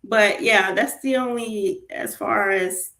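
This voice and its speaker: Animated Southern woman, roomy echo. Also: medium pitch, takes it slowly. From Southern United States. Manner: animated, laughing, rambling with fillers. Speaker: guest. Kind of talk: casual chat.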